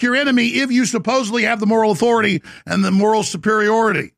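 A middle-aged man with a gravelly voice hosting a talk show, delivering an intense, boastful monologue. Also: sits high, fairly even intonation, fast, fairly bright tone, no room sound, clean studio sound. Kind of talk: ranting monologue.

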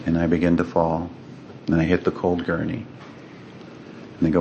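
A man with a very low, gravelly voice recounts a personal story in an earnest, dramatic way, acting out the voices of the people in it. He is a guest in a conversation, from the United States. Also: completely flat delivery, moderate pace, pauses often, darkish tone, lo-fi sound, slight background noise.

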